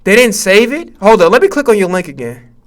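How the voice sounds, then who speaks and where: Male streamer, very high bright voice, profane stammering trash talk on a live reaction stream. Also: big pitch swings, fairly quick. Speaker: Twitch streamer.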